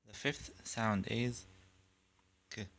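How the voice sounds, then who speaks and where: A man's voice: mid-range voice, expressive, a little slow. A man teaching a language lesson, patiently drilling pronunciation and repeating sounds one by one. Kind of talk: slow, deliberate pronunciation lesson.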